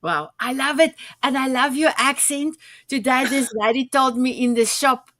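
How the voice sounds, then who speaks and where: A woman's voice: high voice, moderate pace, a bit bright, no room sound, clean studio sound. A South African woman hosting a talk show, effusive and gushing over her guests. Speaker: show host.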